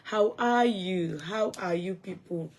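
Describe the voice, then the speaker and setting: Gambian woman, casual live-stream chat, unhurried, friendly greetings to viewers. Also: lowish voice. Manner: chatty, greets viewers by name, breaks into song.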